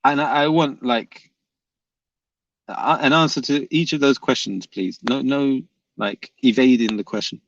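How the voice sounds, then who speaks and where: A man's voice: medium pitch, unhurried, creaky, no room sound. Male livestream host, casual debate, insistent and repetitive, muffled lo-fi mic. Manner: pressing, repeats questions, reads chat aloud. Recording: dull lo-fi dry sound.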